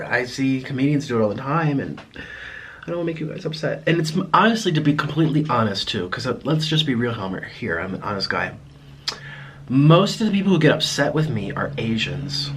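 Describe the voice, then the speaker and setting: A young American man talking casually to his viewers at home in a rambling, halting way, full of restarts. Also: mid-range voice, fairly bright tone. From United States. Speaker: mukbang vlogger. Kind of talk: casual vlog monologue to viewers.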